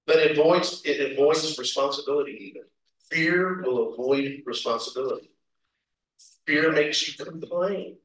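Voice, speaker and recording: Animated male preacher, somewhat high voice, echoey church sound. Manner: animated storytelling with laughs and acted quotes. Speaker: pastor. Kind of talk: sermon. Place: church sanctuary. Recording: roomy echo, from a distance.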